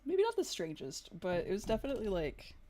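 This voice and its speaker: A woman's voice: mid-range voice, huge pitch swings, fairly quick, warm tone. A young woman vlogger casually telling a story, rambling with lots of "like", swearing freely and laughing along. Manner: chatty, laughs through the story.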